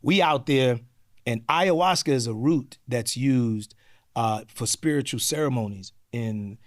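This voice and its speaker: Man in his fifties, lively storyteller, casual swearing, dry close sound. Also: medium pitch, unhurried, no room sound. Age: 50s. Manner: expressive, acts out quotes, laughs, swears casually. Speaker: podcast guest. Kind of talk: animated storytelling.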